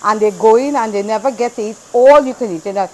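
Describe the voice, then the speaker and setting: A woman's voice: on the high side, fast, darkish tone, a little hiss or hum. A woman from Trinidad with a Trinidadian accent, hosting a casual cooking demonstration in a home kitchen. She chats as she works and repeats phrases, with a slightly irritated throat that makes her cough now and then. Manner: chatty, repeats phrases, talks while working. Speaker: cooking channel host.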